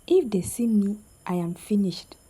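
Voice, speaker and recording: A woman voicing a frightened young mother on a dark road, speaking in a hushed, tense mutter. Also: fairly low pitch, lively intonation, quick pace, husky. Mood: fearful whisper.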